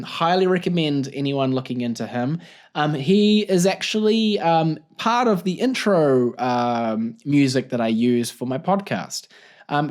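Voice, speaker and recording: Goofy New podcast host, animated. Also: male voice, a little high. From New Zealand. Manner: goofy, rambling, laughs at his own jokes. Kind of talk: casual solo podcast monologue.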